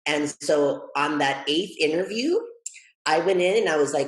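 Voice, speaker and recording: A man guesting on an interview, telling his story in a lively, expressive way that jumps high when he gets excited. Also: moderate pace, low-quality recording. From Texas, United States. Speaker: guest, educator and author.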